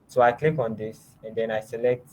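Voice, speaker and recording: A man teaching a design lab, giving step-by-step software instructions and often trailing off quietly. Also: medium pitch, fairly even intonation, moderate pace, slight background noise, poor audio. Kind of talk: screen-share software tutorial.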